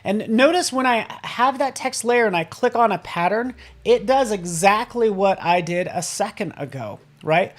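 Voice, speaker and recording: A man hosting a live software tutorial, upbeat and playful, often checking in with the viewers and tossing in silly sound effects. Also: high-pitched. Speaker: design software instructor.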